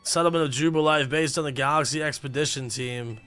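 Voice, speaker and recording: A man's voice: on the high side, fairly quick, a bit bright, soft background music. A young man livestreaming a game, chatting casually and reading game text aloud with offhand reactions, sleepy and yawning. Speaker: gaming streamer.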